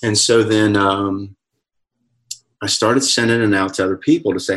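A comedian and author tells candid, reflective stories in a casual video-call interview, often quoting himself. His voice sits on the low side and is a bit bright, steady and at normal speed, with frequent pauses.

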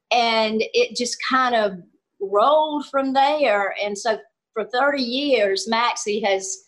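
Older Southern woman, comedian guest on a video call, slightly high voice, folksy and quick to laugh. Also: a bit bright. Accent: Southern American. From Southern US, Georgia. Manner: folksy, laughs often, storytelling. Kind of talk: casual interview chat.

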